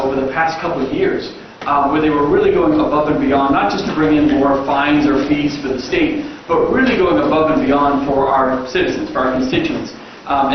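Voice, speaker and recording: A man with a slightly higher voice opens a public meeting in a relaxed, chatty way, full of "uh"s. He sounds far from the mic in a big, echoing chamber, with dull sound and a steady hiss behind him. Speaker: governor chairing a council meeting. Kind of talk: informal opening remarks at a public meeting. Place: large council chamber.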